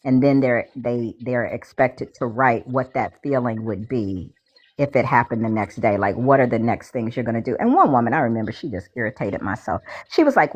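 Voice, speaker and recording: A woman host in casual chat, telling stories in an animated way and talking straight to her listeners. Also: a bass voice, normal speed. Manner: animated storyteller, addresses listeners as y'all. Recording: dull lo-fi audio.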